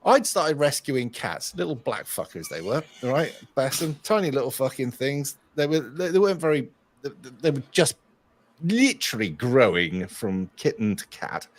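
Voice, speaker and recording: Brief: man, co-host, animated swearing storyteller with a lively, wide-ranging pitch. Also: normal speed. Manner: profane, animated, frequent "right?" asides. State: tired from lack of sleep. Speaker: stream co-host. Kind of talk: crude anecdote storytelling.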